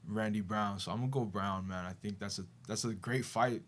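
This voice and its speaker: A man's voice: on the low side, steady tone, brisk, slight background noise. A man co-hosting a casual sports show, laid-back and dropping "man" and "dude" often. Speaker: co-host.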